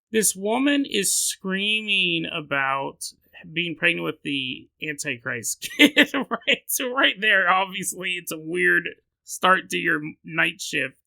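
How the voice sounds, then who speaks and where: Lively jokey male podcast host. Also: high-pitched, measured pace, gravelly, dry recording. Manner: animated, jokey, laughing often, acts out voices. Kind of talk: comedic storytelling.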